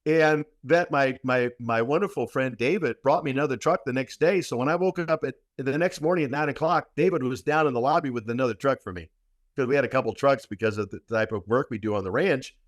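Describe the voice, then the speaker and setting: A man telling a long story in a podcast interview, speaking at a middle pitch. He talks emphatically, repeats words for weight and often restarts. His voice is dry and close to the mic. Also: brisk, dry recording. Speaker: guest practitioner.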